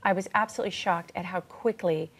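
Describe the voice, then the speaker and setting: A woman's voice: fairly low pitch, steady tone, quick pace, a bit bright. A woman speaking earnestly and with emphasis as a guest on a television interview. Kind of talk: recounting events on a TV interview.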